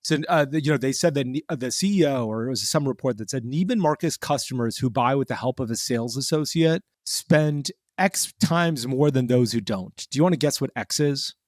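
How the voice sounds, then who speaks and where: A man's voice: mid-range voice, brisk, hardly any pauses, no echo. Chatty man, dry close sound. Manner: animated, many fillers and restarts. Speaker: podcast co-host. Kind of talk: casual podcast chat.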